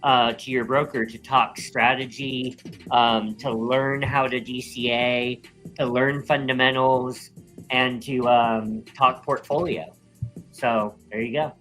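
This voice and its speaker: An easygoing man co-hosting a livestream, with a voice in the middle pitch range. He reads an ad segment casually, dotting it with ums. Soft music sits faintly behind him. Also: level tone, takes it slowly, low-quality recording. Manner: easygoing, many filler ums. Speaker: co-host reading a sponsor roll-up. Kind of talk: casual chat and ad read.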